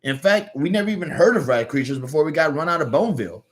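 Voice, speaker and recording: A man's voice: on the high side, animated, fast talker, lightly acted. A man with a Southern US accent voicing an earnest, good-natured little male cartoon hero telling a story.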